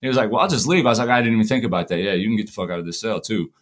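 A man's voice: fairly low pitch, rapid-fire. A man, likely in his forties, casually telling prison stories, acting out the dialogue and swearing freely. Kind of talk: casual storytelling.

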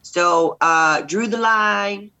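A middle-aged woman from Texas, a guest candidate telling lively stories in a podcast interview and acting out the voices in them. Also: mid-range voice, extremely slow, rough recording. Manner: lively, acts out voices in anecdotes. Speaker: guest, state senate candidate. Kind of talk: animated storytelling in a podcast interview.

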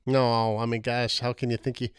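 A man's voice: mid-range voice, flat delivery, moderate pace, clear, resonant tone, dry recording, clean studio sound. A middle-aged man co-hosting a podcast, chatting casually and joking at his own expense, often laughing. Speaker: podcast co-host. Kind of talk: casual chat. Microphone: podcast mic.

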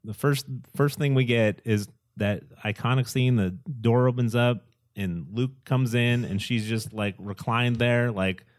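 A man's voice: mid-range voice, fairly even intonation, a little slow, hardly any pauses, no echo, clean studio sound. A man co-hosting a casual chat, rambling with enthusiasm and acting out film quotes. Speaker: podcast co-host.

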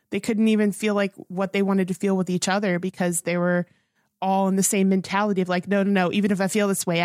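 A woman's voice: fairly low pitch, no echo, clean studio sound. A woman co-hosting a film review podcast, talking in an earnest, rambling way with many restarts. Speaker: podcast co-host. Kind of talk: casual film review chat.

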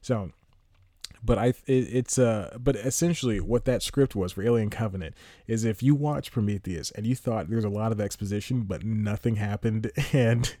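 Speaking at a moderate pace, a man with a low, dark voice rambles through a casual chat about a movie on his podcast. There's no room sound and the audio is studio quality. He often cuts himself off and chuckles.

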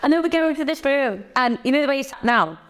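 A woman's voice: sits high, fast talker. A woman, a podcast guest telling stories animatedly, acting out quotes and swearing casually. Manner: lively storyteller, swears, acts out quotes. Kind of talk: casual chat.

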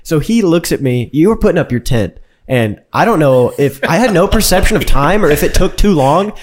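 A man's voice: a little high, a little fast. A man co-hosting a casual podcast, retelling funny stories with swearing and frequent laughter. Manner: animated, profane, laughing storyteller. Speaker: podcast co-host. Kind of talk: casual chat.

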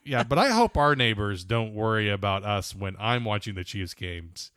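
A man's voice: fairly low pitch, moderate pace, clean tone, no room sound, clean studio sound. A man co-hosting a podcast in casual chat, bantering and joking. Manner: jokey, animated banter. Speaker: podcast co-host.

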